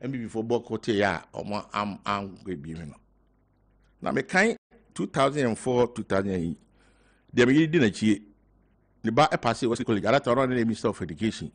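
An older man with a Ghanaian accent, talking as a guest on a talk show, halting and mixing in local words. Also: on the low side, lively intonation. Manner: halting, mixing in local words, growing loud when telling a story. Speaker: guest party member. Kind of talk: casual talk show interview.

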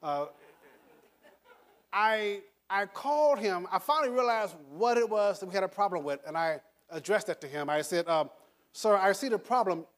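An older man from the United States gives an emphatic motivational talk to an audience in a high voice with lively intonation and a normal speed. He repeats words and chuckles as he tells his stories.

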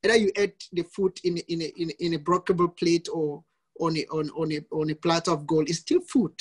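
A man's voice: a little high, little pitch movement, fairly quick. A male priest giving a teaching talk in an online session, emphatic and fond of repeated lists of examples.

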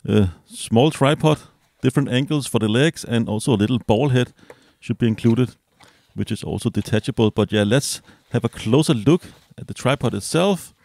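A man casually reviewing a small gadget as he unboxes it, relaxed and hesitant, with fillers and self-corrections. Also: medium pitch, moderate pace, vocal fry, no echo. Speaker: product reviewer.

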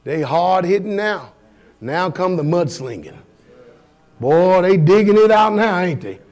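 A man's voice: high voice, sing-song, measured pace, darkish tone. A man preaching a sermon as pastor, firing blunt rhetorical questions at his congregation in a folksy, emphatic way.

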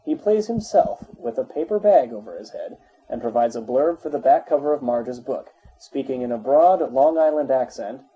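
A man reading an encyclopedia article aloud in a measured, even way. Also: medium pitch, slightly rough, highs cut off. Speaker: narrator.

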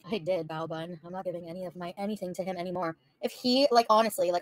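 A woman's voice: on the low side, fairly even intonation, fast talker, few pauses. A woman livestreaming, bluntly and profanely venting to her chat. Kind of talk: casual livestream rant to chat.

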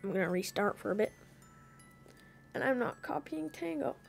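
A woman streaming a video game, chatting casually as she plays, swearing freely and now and then breaking into loud panicked yelling. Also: mid-range voice, expressive, moderate pace, creaky, faint music behind. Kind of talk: casual gaming commentary.

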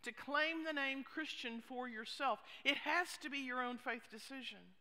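A woman pastor preaching a sermon, expressive, with hushed asides. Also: sits high, measured pace. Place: church sanctuary. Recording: long reverb of a church hall.

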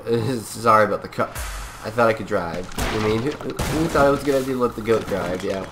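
Lower-voiced man, goofy game commentary. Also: a little fast, over music. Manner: playful, rambling, mock-serious speeches. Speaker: gameplay video creator. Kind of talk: goofy in-character gameplay commentary.

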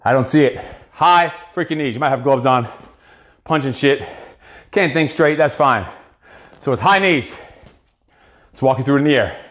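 A man's voice: medium pitch, normal speed, pauses often, a bit bright. A man coaching a live boxing cardio workout, counting reps and giving profane pep talks.

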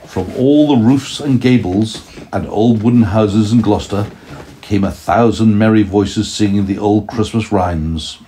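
A man reading a storybook aloud to his young child at home, gently pausing to ask questions. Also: on the low side. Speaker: parent telling a story to a toddler.

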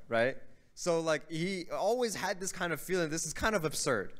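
A man with a slightly high, brisk voice delivers a religious lecture in a mosque hall. He tells a story in conversational fashion, checking in with listeners often by asking "right?".

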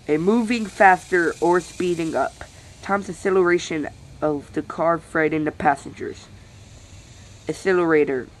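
A host reading a dictionary aloud, halting and stumbling over words, with weary sighs between entries. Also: mid-range voice, a little hiss or hum, low-quality recording.

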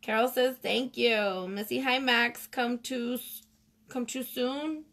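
A woman's voice: a little high, steady tone, slow pace, fairly bright tone. A woman co-hosting a live stream who reads viewer comments aloud in a casual, giggly way. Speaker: co-host reading viewer comments.

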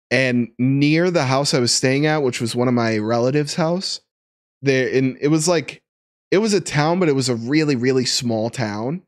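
A man's voice: mid-range voice, no echo, clean studio sound. A young man streaming live, chatting casually and laughing as he ranks fruits and reads chat. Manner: chatty and laughing, animated, reading chat aloud.

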